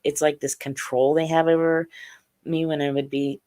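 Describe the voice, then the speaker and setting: A middle-aged woman, guesting on a podcast, slowly and haltingly shares a personal story, full of fillers and restarts. Her voice is low and dark in tone, with a flat delivery.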